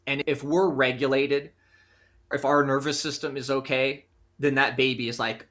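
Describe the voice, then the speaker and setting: An American man, a guest in an interview, explaining his ideas in an animated way and often acting out quoted voices. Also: medium pitch, moderate pace. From United States. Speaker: guest, conflict resolution practitioner. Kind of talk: conversational interview.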